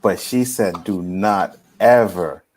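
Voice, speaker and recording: A man with a fairly low voice hosting a casual podcast. He talks in an easygoing, laid-back way. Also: takes it slowly, a little mellow. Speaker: podcast host. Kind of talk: casual chat.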